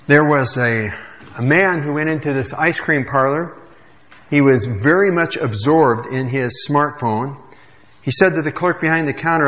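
A man preaching a sermon, his voice pitched a little high and carrying in a church with a long, lingering reverb. He speaks conversationally, with frequent "uh" fillers. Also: moderate pace, fairly bright tone, muffled recording. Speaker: pastor. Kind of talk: sermon with scripture reading. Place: church sanctuary.

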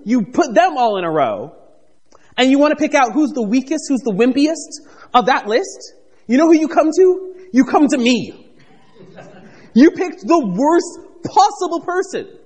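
A man preaching a conversational, animated sermon, reading scripture and acting out the characters with playful asides. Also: extremely high pitch, breathy edge, big-room sound. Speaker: pastor.

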